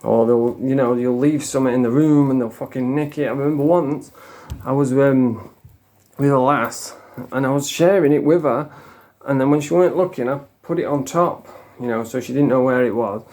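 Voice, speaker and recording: A man's voice: medium pitch, normal speed, a little mellow. A man, a former addict telling his story in a frank, casual monologue full of swearing. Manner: frank, swears a lot, plain-spoken.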